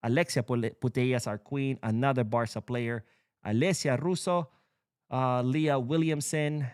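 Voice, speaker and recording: A man's voice: mid-range voice, steady tone, moderate pace, darkish tone, clean tone, no echo, studio quality. Chatty man hosting football talk. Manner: chatty, jokey, reads lists aloud. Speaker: football podcast host. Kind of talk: casual commentary.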